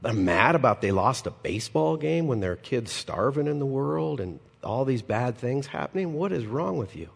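A male pastor preaching a sermon, animated and personal, with humorous asides and acted-out quotes. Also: mid-range voice, normal speed, vocal fry, few pauses, breathy edge, long reverb tail.

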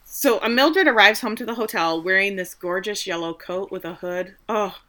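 A woman co-hosting a podcast, chatting casually and recapping a TV episode, animated and laughing often. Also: mid-range voice, normal speed. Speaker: podcast co-host.

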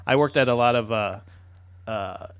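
A man's voice: mid-range voice, moderate pace, clean tone, dry recording, lo-fi sound. A man in the middle of his range, bantering through a casual podcast with loose jokes and plenty of swearing. The mic is close and dry, with no room sound at all. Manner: joking, loose, swears freely. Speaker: podcast co-host.

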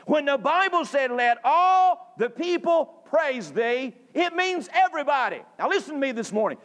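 A man from North Carolina, preaching a sermon emphatically, repeating phrases and rising to shouts. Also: extremely high pitch, sing-song, normal speed, hardly any pauses. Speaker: pastor. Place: church sanctuary.

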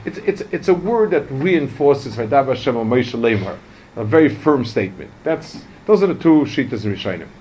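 A man giving a Torah class, talking in a halting way with many restarts and Hebrew terms. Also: mid-range voice, animated, mellow, a little hiss or hum. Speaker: Torah teacher. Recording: dull lo-fi recording with faint ambience.

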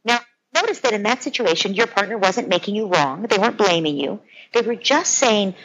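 A woman's voice: mid-range voice, expressive, fairly quick, fairly bright tone, muffled recording. A woman speaking as a parenting expert, earnestly explaining her ideas through everyday scenarios. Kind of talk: conversational explanation.

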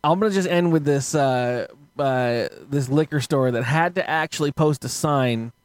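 A man co-hosting a casual podcast, animated and swearing a lot as he rants and laughs. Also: mid-range voice, normal speed, no echo. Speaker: podcast co-host. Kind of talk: casual profane chat.

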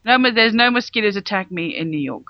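A man co-hosting a casual movie podcast from bed, laughing often and joking, saying he is high. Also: expressive, no echo. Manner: laughing, joking, quick asides. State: says he is high. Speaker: podcast co-host. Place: in bed at home. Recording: dull lo-fi remote audio.

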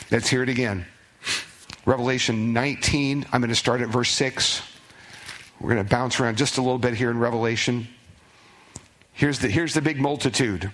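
A man's voice: medium pitch, a bit bright. A man pastor preaching a sermon in a church, talking plainly with the congregation and lifting his voice when he reads scripture aloud. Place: church sanctuary.

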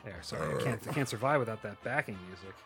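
A man's voice: on the low side, fast talker, vocal fry, a bit bright, soft background music. A man co-hosting a podcast in casual chat, rambling and repeating himself. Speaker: podcast co-host.

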